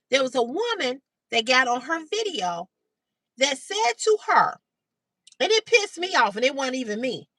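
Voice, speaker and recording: Lively high-voiced woman chatting on a livestream. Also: no room sound. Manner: chatty, animated storytelling, greets viewers. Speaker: livestream host. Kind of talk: casual livestream chat. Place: outdoors in sunlight.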